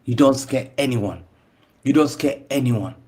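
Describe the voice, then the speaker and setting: A man trading heated football banter, his mockery full of taunts he repeats again and again. His voice sits at an ordinary male pitch. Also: a little slow, darkish tone, slight background noise. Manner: mocking, repetitive taunting. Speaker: panelist.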